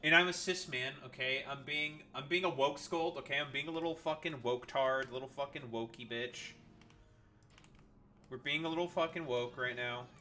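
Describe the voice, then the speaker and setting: A man's voice: medium pitch, moderate pace, pushed and bright, a little hiss or hum. A man streaming a game, chatting casually and crudely with viewers and reading their messages aloud. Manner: crude, joking, reads chat aloud. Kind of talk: casual gameplay chat with viewers.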